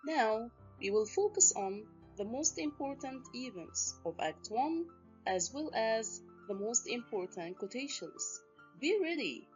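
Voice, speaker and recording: A woman teacher narrating a recorded literature lesson, speaking deliberately and addressing her students directly. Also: a little high, very animated, a little mellow, lo-fi sound, soft background music.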